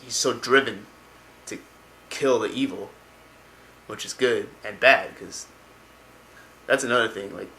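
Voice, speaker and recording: A man's voice: lowish voice, bright, forceful tone, slight background noise, low-quality recording. A man casually retelling a fantasy story, rambling with many fillers and restarts. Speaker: lore video narrator.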